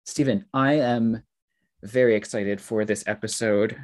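A man's voice: fairly low pitch, fairly even intonation, unhurried, darkish tone. A man co-hosting a podcast in casual chat, teasing and rambling as he talks. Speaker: podcast co-host.

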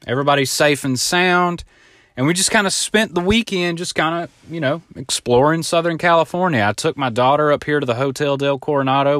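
Rambling, swearing podcast host with a dry sound. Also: male voice, mid-range voice, a bit bright, dry recording. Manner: rambling storyteller, swears freely, acts out other voices in quotes. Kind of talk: casual solo podcast monologue. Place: home, now living in Southern California.

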